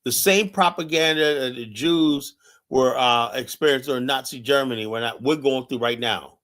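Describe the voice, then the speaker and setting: A man's voice: medium pitch, normal speed, fairly bright tone. A man from the United States hosting a live stream, delivering an urgent, impassioned monologue and repeating his points with many fillers.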